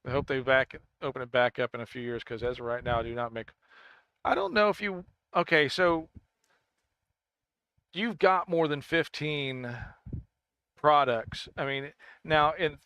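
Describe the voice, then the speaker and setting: A man's voice: medium pitch, fairly bright tone, clean tone, dry recording. A man chatting casually on a game livestream, rambling and stammering, correcting himself often and laughing easily. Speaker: gaming streamer.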